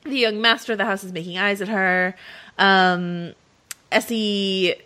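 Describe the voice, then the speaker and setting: A woman's voice: medium pitch, fairly even intonation, measured pace, sharp tone. A woman hosting a casual podcast chat, talking with lots of fillers and frequent laughter. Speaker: podcast host.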